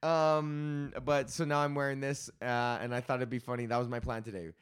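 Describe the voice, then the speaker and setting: A man's voice: mid-range voice, fairly even intonation, quick pace, a bit bright, clean tone. A young man hosting his comedy podcast, ranting in a loose, rambling, profane way. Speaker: podcast host. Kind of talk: casual comedic rant.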